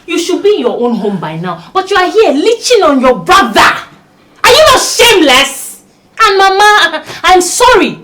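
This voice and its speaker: A woman's voice: very high-pitched, sing-song, normal speed. An actress with a Nigerian accent playing an arrogant young bride who orders her in-laws out. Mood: scornful. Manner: scornful, bossy, shouting. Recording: noisy background.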